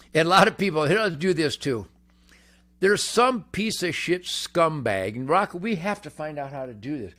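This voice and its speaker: An older man hosting a rambling, boastful monologue, brash and cocky, swinging from booming shouts to low mutters. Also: animated, a little slow, long pauses. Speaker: host.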